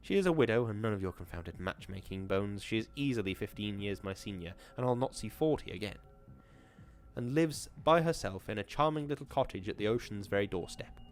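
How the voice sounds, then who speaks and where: A man and podcast host reading a classic horror short story aloud in a measured, formal narrating voice. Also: fairly low pitch, animated.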